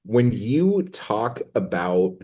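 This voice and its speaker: A man with a fairly low, dark voice and a sing-song lilt takes it slowly as he co-hosts a podcast. He recaps a film in casual conversation, crude and rambling, joking around and acting out the quotes.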